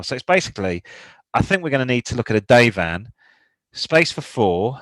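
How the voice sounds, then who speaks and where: British guy rambling about cars on a podcast, middle pitch, dry close sound. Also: sing-song, fairly quick, fairly bright tone, no room sound, low-quality recording. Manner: chatty, rambling, answers listener questions. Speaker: podcast co-host. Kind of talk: casual car-advice chat.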